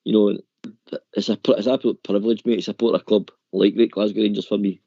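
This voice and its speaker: A man's voice: fairly low pitch, little pitch movement, quick pace, vocal fry, dark tone, dry recording. A man calling in to a radio phone-in, chatting earnestly and calling the host "mate" over a dull lo-fi line. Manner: earnest, says "mate" often. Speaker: caller. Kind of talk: casual chat.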